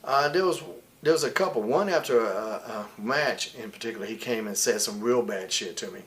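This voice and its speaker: A man's voice: lowish voice, moderate pace, fairly bright tone, a little hiss or hum. A man in his forties telling candid stories in an interview, blunt and heated, swearing often. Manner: blunt, heated, profane, quotes others in put-on voices. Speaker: wrestler interviewed as guest.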